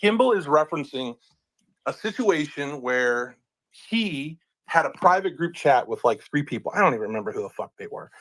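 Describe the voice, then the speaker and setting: A man's voice: on the high side, expressive, moderate pace, a bit bright, dry recording, rough recording. A man in casual online chat, talking heatedly and swearing often. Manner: swearing, worked up.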